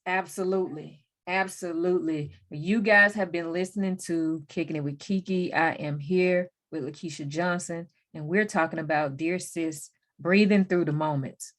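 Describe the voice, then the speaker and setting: A woman's voice: on the low side, fairly even intonation, moderate pace, few pauses. A woman hosting a podcast in a casual chat, often chiming in with agreement. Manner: affirming, chimes in with frequent agreement. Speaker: podcast host.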